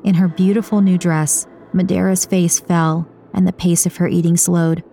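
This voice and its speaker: Low-voiced woman narrating a novel. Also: moderate pace, vocal fry, few pauses, slight background noise. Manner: steady storytelling. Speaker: audiobook narrator. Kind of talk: scripted narration.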